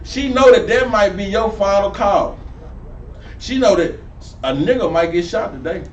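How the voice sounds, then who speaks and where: Male street preacher, high-pitched, caught on a distant mic in a roomy space. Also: normal speed, slight background noise. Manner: preachy, animated, sidewalk slang, rising to near-shouts. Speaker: street preacher teaching a class. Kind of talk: street Bible teaching.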